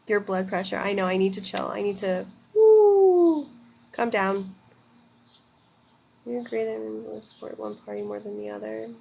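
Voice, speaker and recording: Blunt woman, thirties, live chat host, answers comments directly, mid pitch, faint hiss behind her. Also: little pitch movement, moderate pace, gravelly. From United States. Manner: blunt, opinionated, swears freely. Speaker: livestream host.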